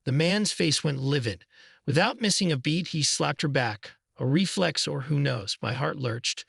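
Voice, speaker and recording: A man narrating a first-person story in a measured, scripted way. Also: on the high side, gravelly, a bit bright, husky, no room sound, studio quality.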